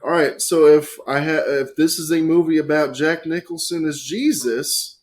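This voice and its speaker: Animated, swearing man on a podcast. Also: a little high, moderate pace. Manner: animated, swears freely, big swings in loudness. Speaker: podcast guest. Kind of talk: casual podcast chat.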